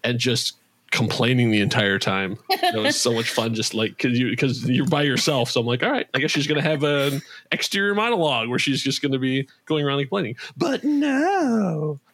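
A man hosts a casual behind-the-scenes chat for his audio drama podcast. His voice is bright and forward, and he rambles along with frequent restarts and fillers. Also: mid-range voice, a little fast. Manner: chatty, rambling with many restarts. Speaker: podcast creator and host.

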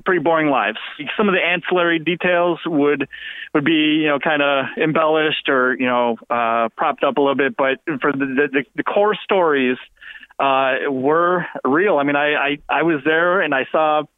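A man's voice: a little high, moderate pace, dry recording, narrow, tinny audio. A man, a former talk show producer, telling behind-the-scenes stories in a casual interview with many restarts. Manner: rambling storyteller, many restarts.

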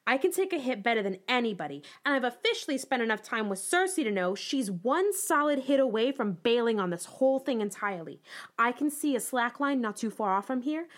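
A woman's voice: a little high, big pitch swings, fairly quick. A woman playing a tough, wry young circus performer who speaks bluntly.

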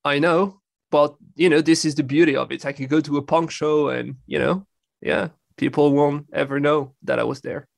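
A man with a French accent and a gravelly edge to his mid-pitched voice, talking in a friendly, self-deprecating way. The sound is dry and close, with no room echo. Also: steady tone, moderate pace. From France. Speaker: guest, law professor. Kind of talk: casual podcast interview.

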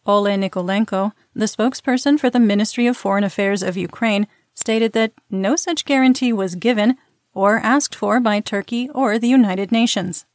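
A woman's voice: mid-range voice, normal speed, dry recording. Woman reading a war news update. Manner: dry asides between reports. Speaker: news host.

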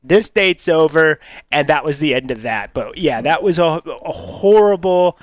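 A man co-hosting a radio show, telling a dating story in a casual, animated way and laughing often. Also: a little high, measured pace, dry recording.

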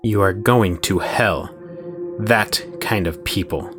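A man's voice: fairly low pitch, music in the background. A man voicing Herod, a gloating possessed killer. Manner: slow, gloating menace with raised, strained outbursts. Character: possessed murderous man, demon-bound, menacing.

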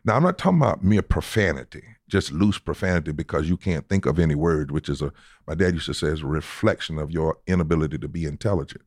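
Deep-voiced preacher man, dry close sound. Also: lively intonation, fast talker, darkish tone, no room sound. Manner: preacherly, cites scripture, emphatic repetitions. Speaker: guest preacher. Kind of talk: conversational interview answers.

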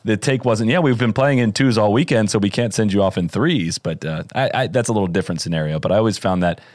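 A man's voice: lowish voice, fast talker, a little mellow, dry recording, studio quality. A male podcast host chatting casually and thinking aloud as he asks about a story. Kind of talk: casual interview chat.

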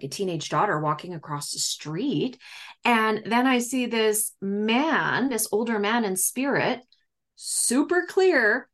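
A woman speaks as an interview guest in a medium-pitched, slightly bright voice. Her manner is chatty and filler-heavy, and she voices the quoted lines of people in her story.

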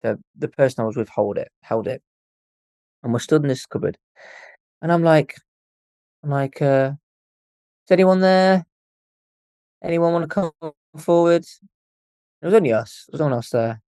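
A young man telling a ghost story as a podcast guest, animated and swearing freely as he acts out what people said. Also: mid-range voice, a little fast, gravelly, long pauses, dry recording. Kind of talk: casual storytelling.

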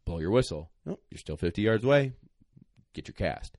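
On a podcast, a male retriever trainer appears as a guest, fielding questions with blunt, plain-spoken advice in a casual style. His voice sits on the low side and is a little mellow, with lively intonation at a normal speed, and he sounds slightly out of breath. The studio recording is clean, with no echo.

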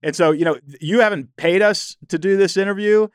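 A male podcast host telling stories in an animated, chatty way, often using "you know". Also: sits high, a little fast, clear, resonant tone, dry recording, clean studio sound. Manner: animated storytelling, frequent "you know" fillers. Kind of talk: conversational interview.

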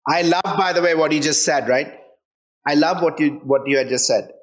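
A man's voice: fairly high pitch, normal speed. A man speaking as a guest author in a conversational interview, earnest and emphatic, often checking in with "right?".

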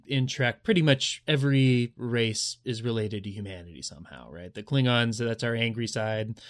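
Male podcast co-host, casual, halting speech, laughs easily. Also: mid-range voice. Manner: hesitant, laughs easily, many restarts. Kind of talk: casual chat.

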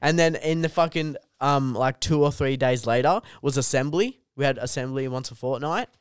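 A man's voice: medium pitch, normal speed, clean tone, no echo, clean studio sound. Swearing guy telling a story. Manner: animated storytelling, heavy swearing. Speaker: comedian guest. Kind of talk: casual podcast chat.

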